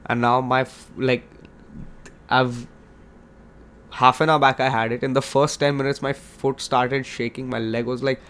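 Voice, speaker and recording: A man's voice: medium pitch, flat delivery, a little slow, long pauses, a bit bright. A young man hosting a podcast, talking in a hyped, rambling, jokey way and swearing often. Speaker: podcast host. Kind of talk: casual monologue.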